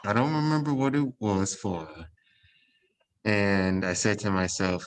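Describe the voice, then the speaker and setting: Podcast co-host, male, very low voice, relaxed, easygoing chat. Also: low-quality recording. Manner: relaxed, easygoing, fond of quick agreeing murmurs. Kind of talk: casual chat.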